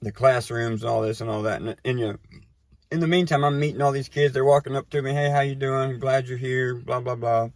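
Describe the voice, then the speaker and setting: A man casually telling a personal story, animated and conversational, often checking in with the listener. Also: mid-range voice, quick pace, dry recording. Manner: animated, tags lines with "right?" and "you know". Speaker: recovery storyteller.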